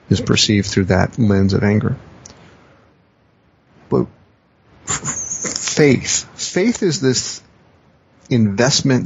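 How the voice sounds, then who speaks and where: A man's voice: on the low side, vocal fry, husky. A man, a coach and teacher, explaining ideas in a reflective podcast conversation, often rephrasing himself. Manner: reflective, repeats and rephrases, acts out quoted phrases. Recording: dull lo-fi podcast audio.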